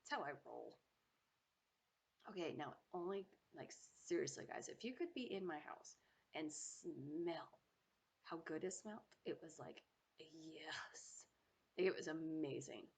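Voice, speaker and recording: A woman with a low, gravelly voice talks over her cooking footage, chatty and playful. She speaks straight to her viewers and hums her approval as she tastes. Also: lively intonation, unhurried. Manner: hums approval while tasting. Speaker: home cooking vlogger. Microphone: home microphone.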